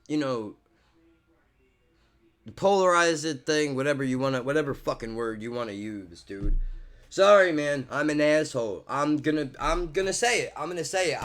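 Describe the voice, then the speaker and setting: A man in a profane, heated monologue who keeps saying bro and dude, dropping to mutters and then bursting out loud. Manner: swings from muttering low to loud outbursts. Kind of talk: ranting monologue to camera.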